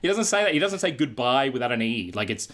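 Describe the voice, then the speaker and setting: A man's voice: medium pitch, very animated, quick pace, fairly bright tone. A man arguing in casual podcast banter, incredulous and exasperated, swearing freely. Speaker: guest co-host.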